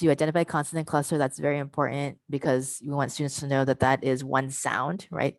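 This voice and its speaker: A woman with a low, grounded voice leads a teacher-training workshop over a video call. She breaks words apart sound by sound and keeps asking "right?" to check understanding. The computer-mic sound is dry and close, with no room echo. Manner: explains step by step, modeling sounds slowly and checking in with "right?". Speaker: workshop presenter.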